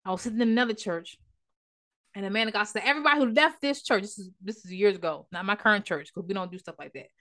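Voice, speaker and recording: A woman's voice: medium pitch, steady tone, quick pace. A woman relationship coach speaks straight to her viewers in a casual vlog. She is emphatic and repeats her points often. Her talk slides into preaching, with church phrases and prayer. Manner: uses church language and prayer.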